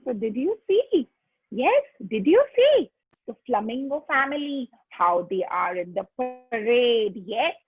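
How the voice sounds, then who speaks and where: A woman's voice: on the high side, slightly rough, dry recording. Tinny-sounding woman coaxing little kids. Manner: coaxing, asks constant simple questions. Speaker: preschool teacher. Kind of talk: online class for small children. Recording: tinny phone-like call audio.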